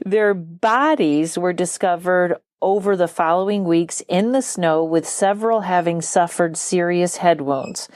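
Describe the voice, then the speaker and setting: A woman's voice: fairly low pitch, darkish tone, no room sound, studio quality. A woman hosting a casual podcast, chatting with her sister and reading articles aloud with joking asides. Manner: chatty, laughs easily, reads with asides. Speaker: podcast host.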